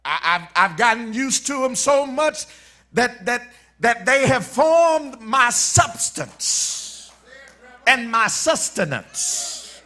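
A man preaching a sermon, emphatic and repetitive, shifting between quiet lines and shouted ones. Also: very high voice, sing-song, slow.

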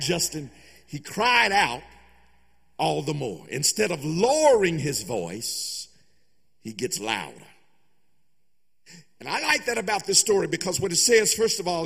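A man's voice: high-pitched, creaky, a bit bright, slightly rough, big-room sound. A man pastor preaching a sermon, emphatic, repeating phrases and sometimes half-singing. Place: church sanctuary.

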